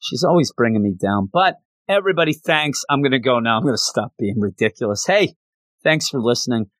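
A male podcast host chatting casually in a mid-pitched voice, joking and poking fun at himself as he rambles. He is close to the mic in a dry, dead room. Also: lively intonation, brisk, fairly bright tone, no echo. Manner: rambling, self-deprecating, jokey. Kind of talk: casual chat.

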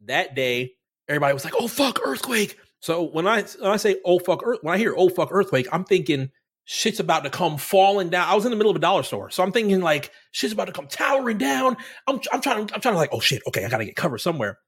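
A man co-hosting a podcast, telling a story in loose, casual chat. His voice sits a little high and swings widely in pitch as he acts out his own reactions, with plenty of swearing. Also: sing-song, quick pace, a bit bright, husky. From Florida. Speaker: podcast co-host.

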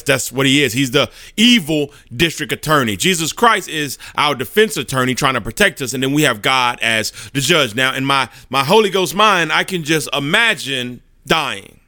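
A man preaching a sermon, telling a courtroom story with animated delivery and frequent restarts. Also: mid-range voice, no room sound, clean studio sound.

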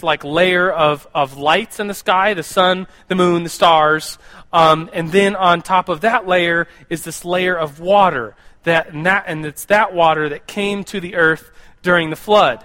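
A young American man talks through a casual sermon to a group. His voice sits high and sounds bright and forward. He rambles, stumbles over repeated words and keeps turning to the listeners with questions. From United States. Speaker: youth pastor or Bible teacher.

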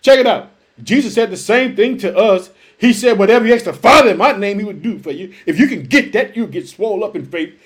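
A man's voice: high-pitched, animated, a little fast. A man preaching a fervent sermon, reading scripture aloud and calling his listeners family. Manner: fervent, calls listeners family, shouts hallelujah.

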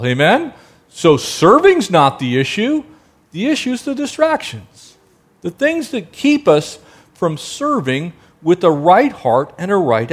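A male pastor delivering a sermon in a high, lively voice that swings widely in pitch. He keeps firing rhetorical questions at his listeners and now and then softens into a gentle hush. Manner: animated preaching, rhetorical questions to the congregation; drops to a soft, gentle tone for quiet passages.

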